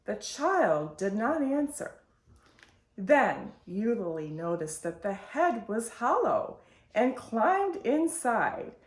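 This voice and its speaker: Slow, expressive woman reading a picture book. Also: fairly high pitch. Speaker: storytime host. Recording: roomy echo.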